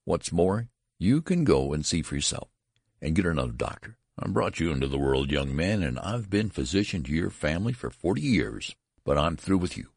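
A man's voice: low voice, lively intonation, slow, hardly any pauses, no room sound, clean studio sound, exaggerated voice. A man voicing an irritated elderly family doctor who speaks sharply and cuttingly.

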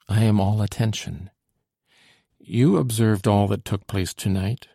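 A man reading a period novel aloud in a measured, formal manner. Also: fairly low pitch, vocal fry, dark tone, no echo, clean studio sound. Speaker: audiobook narrator. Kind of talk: scripted narration.

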